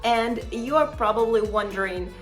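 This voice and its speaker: A woman's voice: on the high side, moderate pace, soft background music. A woman travel vlogger giving friendly tips straight to her viewers, chatty and encouraging with frequent little laughs. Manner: chatty and encouraging, addresses viewers as "fabulous people", laughs often. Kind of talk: upbeat tips vlog to camera.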